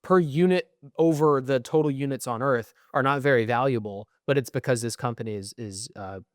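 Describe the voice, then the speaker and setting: Young man, co-host, rambling explainer, dry close-mic sound, mid-pitch. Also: a little fast, no echo. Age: young adult. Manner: rambling, frequent "right?" and "um" fillers. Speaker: podcast co-host. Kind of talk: casual chat.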